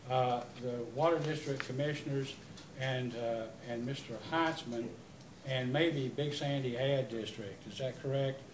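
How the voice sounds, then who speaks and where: A man's voice: medium pitch, a little hiss or hum. Emphatic man questioning at a hearing. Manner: emphatic, rambling, many restarts. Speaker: utility commissioner at a public hearing. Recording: echoey hearing room, mic at a distance.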